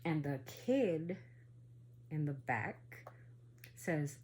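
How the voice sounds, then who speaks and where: A woman casually telling a spooky family story, rambling with asides and questions to the listener, sometimes going hushed for the eerie parts. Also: deep voice, moderate pace. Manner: rambling, full of asides and "right?".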